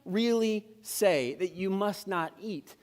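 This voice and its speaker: A man voicing a sly male serpent tempter, who drags out innocent-sounding questions in a slow, coaxing way. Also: high-pitched, a little mellow. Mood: insinuating. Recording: long reverb in a church hall.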